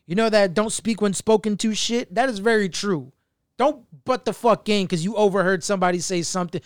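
A man's voice: sits high, fairly quick, smooth, no room sound, clean studio sound. A man co-hosting a podcast in casual chat, rambling in a blunt, profane way. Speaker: podcast co-host.

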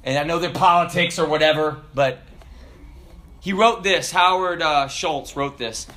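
Man, preacher, sermon, bright tone, animated delivery. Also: high voice, moderate pace. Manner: animated, swings from loud exclamations to hushed asides.

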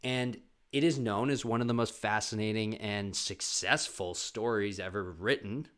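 A young man telling stories casually, rambling and swearing, with fast bursts. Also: fairly low pitch, fairly bright tone. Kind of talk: casual storytelling.

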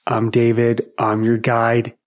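Man, meditation teacher, podcast host, laid-back storytelling, mid-pitched voice. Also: completely flat delivery, slow. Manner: easygoing, friendly, laughs at his own stories. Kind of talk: relaxed podcast monologue with storytelling.

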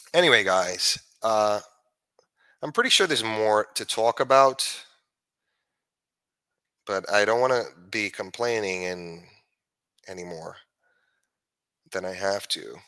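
A man's voice: low voice, bright, forceful tone, no echo, poor audio. A man ranting into the camera, swearing often and repeating himself as he builds his points. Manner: profane, heated and repetitive, with frequent restarts. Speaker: vlogger. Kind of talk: ranting commentary.

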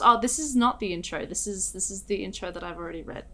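A woman's voice: mid-range voice, fast talker, few pauses, bright, forceful tone. A young Australian woman hosting a casual podcast chat, rambling and laughing often. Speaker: podcast host.

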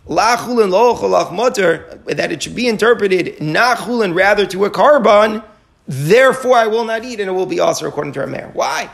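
A man's voice: high-pitched, gravelly. A man teaching a Talmud study class, walking through the argument step by step, quoting short phrases and translating them, often repeating key words as he goes. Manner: quotes short Aramaic phrases, then translates.

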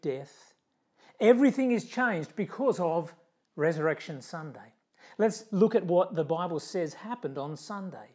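Man, pastor, emphatic sermon delivery, dramatic hushed drops. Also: a little high, husky.

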